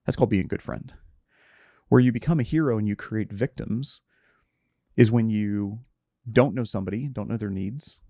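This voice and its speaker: A man's voice: on the low side, moderate pace, pauses often, warm tone, no room sound, studio quality. A middle-aged man in reflective conversation, earnest and self-searching, often trailing off and restarting his sentences.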